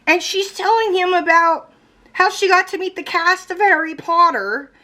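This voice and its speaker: A lifestyle vlogger at home talks casually to her viewers, reacting bluntly and swearing freely. Her voice is extremely high in pitch, pushed and bright, and she speaks at a normal speed.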